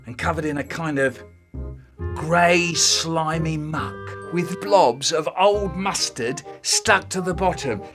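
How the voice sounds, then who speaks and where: A man narrating a comic homemade story in a rambling, deadpan way. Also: fairly high pitch, slow, music in the background.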